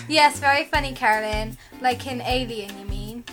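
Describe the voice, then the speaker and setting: A woman's voice: high-pitched, a little slow, a bit bright, faint music behind. A woman co-hosting a podcast in casual chat, answering listeners with playful, sarcastic teasing. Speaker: podcast co-host.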